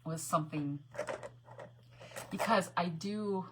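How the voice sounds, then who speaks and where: A woman's voice: lowish voice, expressive, normal speed, noisy background. A woman chatting casually to her viewers while doing a craft project, laughing often and muttering to herself as she works. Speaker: craft vlogger.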